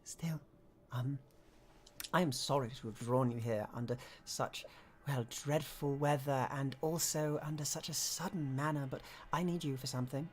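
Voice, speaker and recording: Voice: medium pitch, fairly even intonation, darkish tone, natural voice. A game master voicing a poised, controlling noblewoman patron, polite and formal, in a tabletop role-play. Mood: persuasive. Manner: courteous, measured, formal. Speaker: game master voicing a non-player character.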